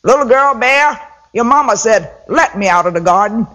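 A man plays a sly, greedy rabbit trickster in a spoken folktale. The voice climbs high and pushes a little louder, sing-song and wheedling as he asks for favors. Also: moderate pace.

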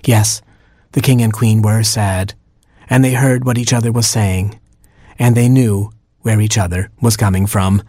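Husky male storyteller, wry and deadpan, dry close sound. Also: on the low side, a little slow, dry recording. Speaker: narrator. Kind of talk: storybook reading aloud.

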